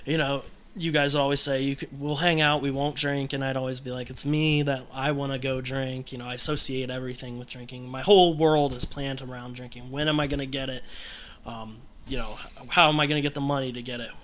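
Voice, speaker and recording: A man's voice: mid-range voice, steady tone, quick pace, fairly bright tone. A man telling his own story in casual conversation, candid and rambling, with many fillers and restarts.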